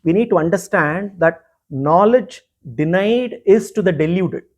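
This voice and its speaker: A man teaching as a spiritual teacher in a live discourse, speaking earnestly and emphatically with frequent pauses. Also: high-pitched, a little mellow. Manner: earnest, emphatic, pausing often.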